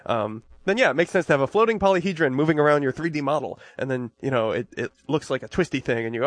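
A man co-hosting a podcast in casual chat, joking and animated. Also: mid-range voice, fast talker, few pauses, no room sound. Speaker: podcast co-host.

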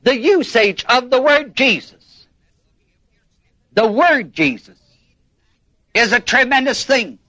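A man's voice: very high-pitched, lively intonation, takes it slowly, long pauses, pushed and bright, dry recording, rough recording. A man preaching a sermon, emphatic, repeating and stressing key words and prompting his listeners to finish his sentences. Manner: emphatic, prompts the congregation with "what?".

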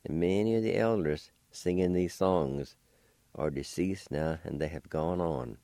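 A middle-aged man hosts a radio language lesson, spelling out each word letter by letter. His voice sits very low and mellow, and he takes his time. The sound is close and dry, as from a radio studio. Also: no echo. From Oklahoma. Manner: slow, deliberate, spells and sounds out words syllable by syllable. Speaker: radio host teaching vocabulary.

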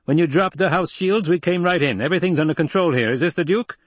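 A man voicing a brutal, poised male soldier who sneers and snaps curt orders in an audiobook. The voice sits well above the reader's usual pitch. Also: fast, no echo, natural voice. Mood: curt, commanding. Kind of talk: audiobook narration.

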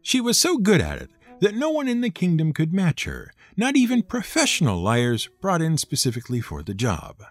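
A man's voice: on the high side, wildly swooping pitch, moderate pace, few pauses, no room sound, faint music behind. Playful man telling a comic folk tale. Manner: wry, playful asides. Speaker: storyteller host.

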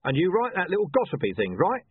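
A man voicing a blunt, irritable middle-aged watch commander who talks in a sharp, demanding way. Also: sits high, wildly swooping pitch, fast, husky, dry recording, pitched above the performer's own voice, full character voice. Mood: curt. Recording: tinny, dry, phone-like sound.

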